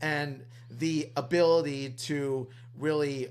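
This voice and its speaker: A man's voice: on the high side, fairly even intonation, takes it slowly, darkish tone. A man co-hosting a podcast in casual chat, earnest and enthusiastic, often repeating himself. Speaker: podcast co-host.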